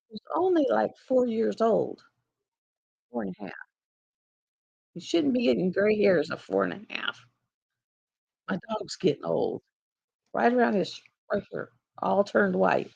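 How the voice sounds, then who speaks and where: A woman's voice: on the high side, creaky, a little mellow, husky, no echo, dull audio. An older woman, hosting a casual craft live stream from home on a laptop, chatting in a rambling way and laughing often. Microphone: laptop mic.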